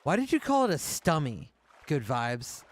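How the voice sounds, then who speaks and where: A man's voice: fairly high pitch, wildly swooping pitch, moderate pace. A man chatting casually and profanely while playing a game, with a loose, talkative manner. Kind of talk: casual chat while gaming.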